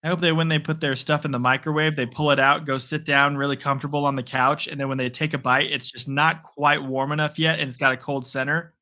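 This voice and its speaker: A man's voice: on the high side, flat delivery, fast, hardly any pauses, sharp tone. A man hosting a live play-by-play reaction stream, playful and rambling between calls. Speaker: sports stream host.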